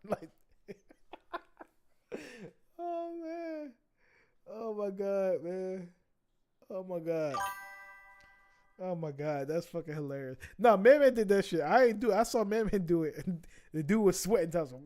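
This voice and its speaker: A man's voice: sits high, moderate pace. A young man streaming, telling a story in casual chat, laughing often and swearing freely. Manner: laughing, animated storytelling with profanity.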